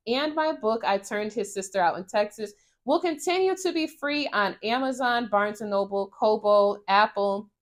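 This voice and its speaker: A young adult woman, an author, talking to her camera in an earnest, grateful way. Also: mid-range voice. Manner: earnest, grateful, fighting tears at times. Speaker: author and book vlogger. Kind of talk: casual heartfelt talk to camera.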